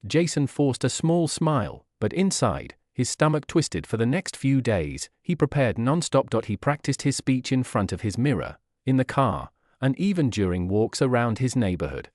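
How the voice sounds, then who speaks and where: Lively male storybook narrator. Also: mid-range voice, no echo, studio quality. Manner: clear, measured reading for learners. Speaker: narrator of a graded reader.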